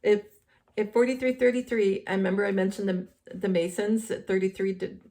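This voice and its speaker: A woman's voice: mid-range voice, fairly even intonation, a little fast, dark tone. A woman hosting a casual commentary, rambling with many fillers and restarts, saying she is losing her voice. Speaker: host.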